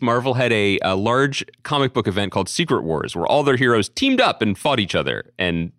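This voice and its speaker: A male podcast co-host riffs in an animated, wry way, his pitch rising and falling a lot. The sound is dry and close, from a studio microphone. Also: brisk, hardly any pauses, no echo. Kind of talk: casual chat.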